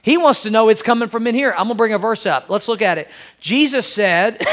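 A man's voice: high voice, animated, moderate pace, a bit bright. A male pastor preaching a sermon, talking straight to his congregation, repeating phrases for emphasis and calling for amens. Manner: addresses congregation directly, calls for amens.

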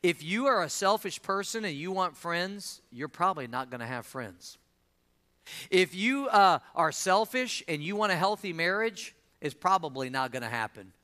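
A man's voice: high-pitched, expressive, moderate pace, pushed and bright. Folksy preacher man in his fifties. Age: 50s. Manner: folksy, emphatic preaching with repeated refrains. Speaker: pastor. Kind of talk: sermon.

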